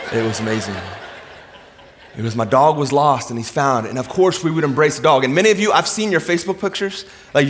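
A man preaching a sermon, telling stories that sink to a hushed low voice and then rise into emphatic, raised delivery. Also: a little hiss or hum. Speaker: pastor. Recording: hall reverb.

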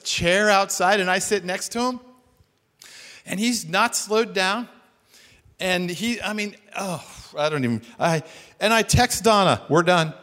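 A man telling a story in a sermon, animated and self-deprecating, acting out what people said. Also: sits high. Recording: long hall reverb.

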